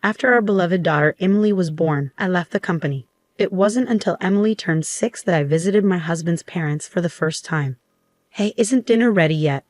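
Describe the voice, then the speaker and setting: A woman in her thirties narrating a first-person story in an even, scripted telling. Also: lowish voice, brisk, dry recording. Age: 30s.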